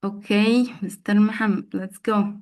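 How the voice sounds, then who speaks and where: A woman's voice: medium pitch, fairly even intonation, measured pace, a little mellow. A woman training teachers in an online class, prompting participants and repeating words for emphasis. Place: online video call.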